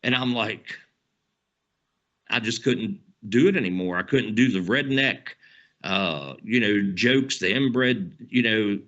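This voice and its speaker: Ranting Southern man, bright tense voice. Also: lowish voice, slow, lo-fi sound. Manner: profane, rambling, says "man" often. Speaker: channel host. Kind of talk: heated political rant to camera.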